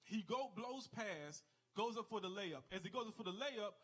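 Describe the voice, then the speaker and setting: A man performs a stand-up set on a comedy club stage. His voice sits high for a man, and he tells his stories by jumping into the exaggerated voices of the people in them. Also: expressive, moderate pace, fairly bright tone. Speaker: stand-up comic.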